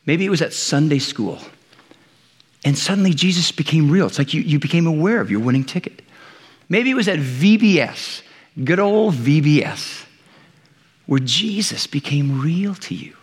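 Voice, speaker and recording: High-voiced pastor in a reverberant hall. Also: male voice, normal speed, breathy edge. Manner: conversational storytelling with lively voiced retellings. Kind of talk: sermon.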